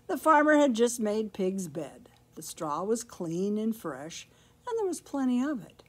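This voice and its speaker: Woman, library storyteller, picture book read-aloud, slow, sing-song, breathy voice. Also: mid-range voice, big pitch swings, a little mellow. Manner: slow, explaining words along the way.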